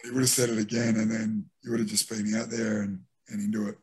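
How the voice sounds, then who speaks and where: Aussie bloke, middle aged, husky voice, tells footy yarns and acts out what mates said. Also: male voice, fairly low pitch, fast talker. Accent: Australian. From Australia. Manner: animated anecdotes with re-enacted quotes. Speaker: former rugby league player, guest. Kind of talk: casual storytelling interview.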